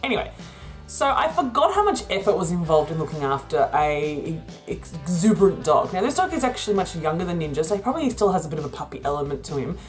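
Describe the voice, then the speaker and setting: A woman's voice: deep voice, big pitch swings, quick pace, soft background music. A woman talking through a rambling, casual vlog about her business, laughing often. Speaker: vlogger and virtual assistant business owner.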